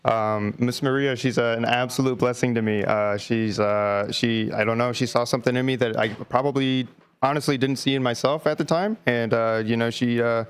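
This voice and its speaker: A young man in his twenties guesting on a radio show. His voice is smooth and clear at a medium pitch, and he speaks politely with plenty of ums. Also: fairly even intonation, normal speed. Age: 20s. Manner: polite, many fillers. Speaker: pet store manager. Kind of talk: casual radio interview. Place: radio studio.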